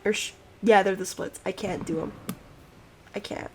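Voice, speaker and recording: Woman, let's play commentary, rambling, self-deprecating, casual, mid pitch, faint background noise. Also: steady tone, moderate pace, low-quality recording. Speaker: gaming channel host.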